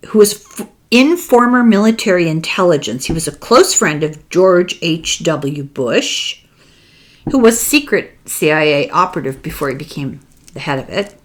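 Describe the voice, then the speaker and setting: An older woman with an Irish accent, hosting a podcast and retelling a book in a casual, wry, conspiratorial way. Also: lowish voice. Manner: animated, wry, conspiratorial storytelling. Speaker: podcast host discussing a book. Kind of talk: casual chat.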